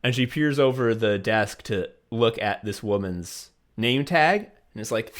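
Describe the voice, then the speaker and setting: A comedy podcast co-host talks a little slowly with hardly any pauses, his medium-pitched voice full of lively intonation. He rants and swears, uses mock voices, and often laughs mid-speech.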